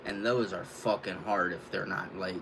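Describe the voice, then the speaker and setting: A man's voice: sits low, steady tone, normal speed, background noise. A young man hosting a casual livestream, rambling loosely with fillers and the odd curse. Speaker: livestream host.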